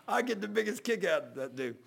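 Laughing folksy preacher, high gravelly voice. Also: male voice, fairly bright tone. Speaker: pastor. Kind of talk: storytelling sermon.

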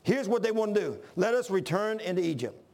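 Man preaching a shouted, folksy sermon; high, raspy-edged voice. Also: very animated, a little fast. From Washington, D.C. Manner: fervent, often shouting; folksy, says "man" a lot.

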